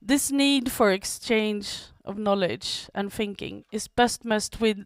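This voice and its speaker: Woman, medium pitch, deliberate speech pacing, dry close recording. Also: no room sound. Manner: measured, deliberate delivery. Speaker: speaker and event moderator. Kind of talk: prepared speech.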